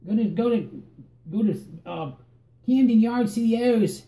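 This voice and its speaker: Man putting on a squeaky Baltimore local. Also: unhurried, mellow, echoey room. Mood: cheery. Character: chirpy Baltimore local, cheery and folksy.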